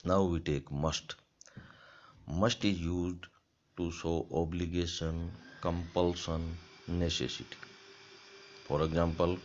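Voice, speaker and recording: Slow, deep-voiced lecturer. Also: male voice, slight background noise. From India. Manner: slow, deliberate, repeats example sentences. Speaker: college lecturer. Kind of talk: grammar lecture. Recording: dull lo-fi lecture recording.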